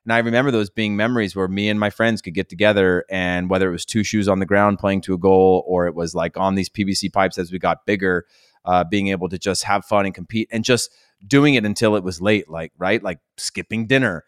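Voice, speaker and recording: A man's voice: low-pitched, steady tone, fairly quick, clean tone, dry recording, clean studio sound. A man telling rambling, nostalgic stories in a casual podcast chat. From California.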